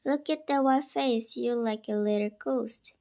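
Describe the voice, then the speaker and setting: A nervous, fussing mother speaks in gentle, sometimes whispered tones, read aloud by a woman. The delivery is slow and sits a little high. It is the plain, unhurried sound of someone reading a novel aloud. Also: gravelly. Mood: worried.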